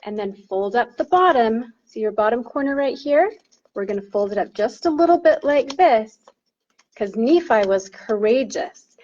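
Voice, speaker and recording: A woman's voice: on the high side, expressive, moderate pace, a little mellow, lo-fi sound. A woman leading a children's song lesson in a sing-song teacher voice, demonstrating a paper-folding activity. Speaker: primary chorister.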